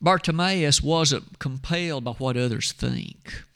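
A man preaching a sermon, reading scripture aloud and slowing down, lowering his voice for quoted lines. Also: creaky, fairly bright tone. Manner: expository preaching, reads scripture aloud in measured tones.

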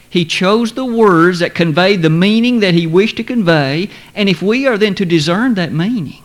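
A man preaching a sermon, speaking in a measured, formal way and slowing down to stress quoted scripture. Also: a little high. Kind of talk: sermon lesson.

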